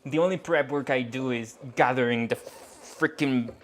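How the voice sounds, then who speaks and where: A man's voice: mid-range voice, normal speed, slight background noise. A man chatting casually on a cooking live stream, joking about himself and laughing often. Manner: giggly, joking, self-mocking.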